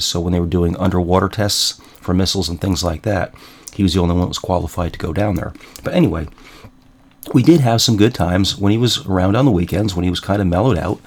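Deep-voiced man telling stories. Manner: wry, chuckling, self-deprecating. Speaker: host. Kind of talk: casual storytelling monologue.

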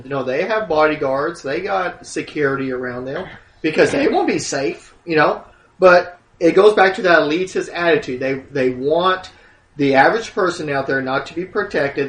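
Man, a little high, hesitant delivery, roomy echo. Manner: halting, restarts often. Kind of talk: casual political chat.

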